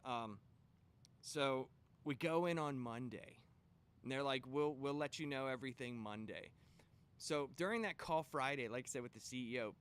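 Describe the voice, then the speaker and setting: A man hosting a comic book channel, telling a long story in a casual, animated way and swearing when he gets worked up. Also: medium pitch, clear, resonant tone.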